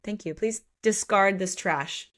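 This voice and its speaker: A woman's voice: mid-range voice, measured pace. A woman co-hosting a book podcast, retelling the plot in casual chat and acting out the characters' lines. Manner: animated retelling with acted-out quotes and swearing. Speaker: podcast co-host.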